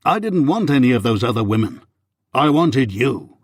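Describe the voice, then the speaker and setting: A man voicing an earnest, remorseful young Regency husband in an audiobook, with a husky, pleading delivery. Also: mid-range voice, sing-song, moderate pace, dry recording, studio quality. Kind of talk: audiobook reading.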